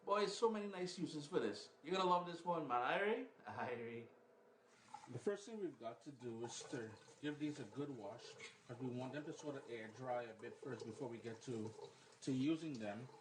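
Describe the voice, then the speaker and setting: A man hosting a relaxed, chatty cooking demonstration at home, explaining each step. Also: medium pitch, fairly quick. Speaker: cooking show host. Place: home kitchen, then living room. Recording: echoey room, faint background noise.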